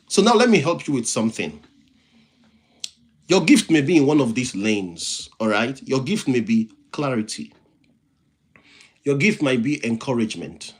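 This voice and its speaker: A male livestream host and motivational speaker with a non-native English accent talks at normal speed, his medium-pitched voice swinging widely in pitch, with long pauses. He preaches in repetitive phrases and reads comments aloud, thanking viewers by name.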